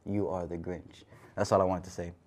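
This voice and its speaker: Young male guest, foul-mouthed storyteller who gets loud when animated. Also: low-pitched, a little fast, a loud crowd. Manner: profane storytelling, loud bursts when excited. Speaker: podcast guest. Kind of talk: casual podcast chat.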